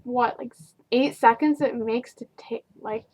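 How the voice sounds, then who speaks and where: A young woman who works at a fast food counter, telling stories about customers in a casual, sarcastic, exasperated vlog rant full of fillers. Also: a little high, fairly even intonation, darkish tone, slightly rough. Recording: dull lo-fi home video.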